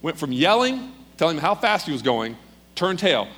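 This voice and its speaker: A man preaching, telling a story in a lively, dramatic way. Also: on the high side, normal speed. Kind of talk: sermon storytelling.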